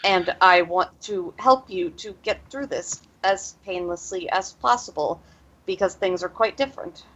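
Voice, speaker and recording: A woman voicing a shy, gentle young male trainer who stammers and hesitates. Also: fairly low pitch, unhurried, dull audio. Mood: gentle, hesitant.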